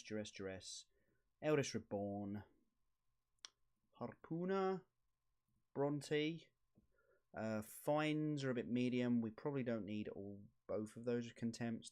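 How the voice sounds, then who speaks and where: A man streaming a card game, muttering commentary to himself with sudden excited outbursts. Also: medium pitch. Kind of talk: casual gameplay commentary.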